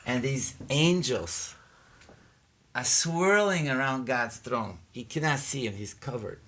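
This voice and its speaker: A middle-aged man, a podcast guest, telling a vivid personal testimony with halting restarts and repeated words. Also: mid-range voice, bright, forceful tone.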